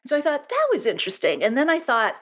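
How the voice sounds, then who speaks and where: A woman's voice: high voice, huge pitch swings, quick pace. Upbeat woman hosting a podcast. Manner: enthusiastic, laughs often. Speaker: podcast host. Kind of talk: podcast interview chat.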